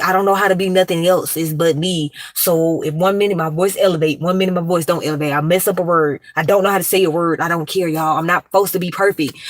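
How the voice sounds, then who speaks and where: Woman streamer, fast and blunt, low-set voice, dry phone mic in a car. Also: dry recording. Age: adult, grown. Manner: fast, animated, blunt and slangy, talks with her hands. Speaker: live streamer. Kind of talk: casual live stream chat. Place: in her car.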